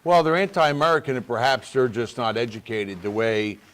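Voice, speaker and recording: A man's voice: mid-range voice, brisk. A man from Pennsylvania, a state representative, talking casually on a talk show in an earnest way, with many restarts.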